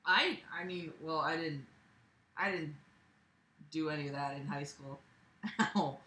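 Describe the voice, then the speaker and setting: A woman's voice: fairly low pitch, sharp tone. A woman reading a web story aloud at home, with sarcastic asides and laughter while playing with her cat. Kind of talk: casual reading with commentary.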